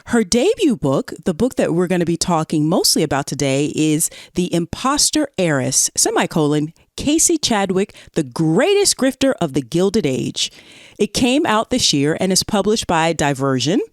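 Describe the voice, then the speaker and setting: Southern lady podcast cohost, bouncy lively voice, laughs a lot, dry close mic. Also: moderate pace, no echo. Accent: Southern American. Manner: bubbly, laughs often, swoops up high. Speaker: podcast co-host. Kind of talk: casual comedic chat.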